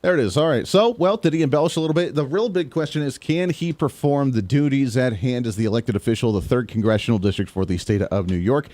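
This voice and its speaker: A man's voice: medium pitch, quick pace, hardly any pauses, darkish tone, no echo. A man hosting a political podcast, giving solo commentary in long emphatic sentences with frequent asides.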